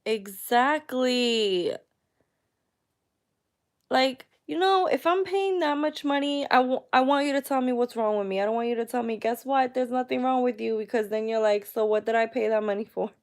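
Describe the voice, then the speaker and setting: A woman's voice: fairly high pitch, normal speed. A woman in her thirties talking candidly to her viewers in a personal vlog, emotional and chatty with many fillers. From United States. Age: 30s. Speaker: vlogger. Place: at home.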